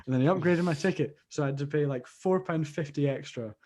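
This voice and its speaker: A man's voice: fairly high pitch, quick pace, a little mellow. A young Scottish man, a podcast co-host, telling a long rambling story in casual chat and acting out the people he quotes. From Scotland. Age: young adult.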